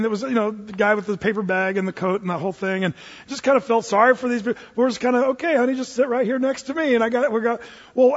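A middle-aged man telling a rambling personal story, full of fillers and restarts, acting out what people said. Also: high voice. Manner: rambling, lots of fillers and restarts, acts out quotes. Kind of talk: anecdotal storytelling. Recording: dull, reverberant hall.

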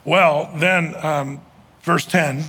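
Bright-voiced man teaching scripture. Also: fairly high pitch, steady tone, extremely slow, husky. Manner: chatty, emphatic, frequent fillers and restarts. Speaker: pastor. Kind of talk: casual Bible teaching.

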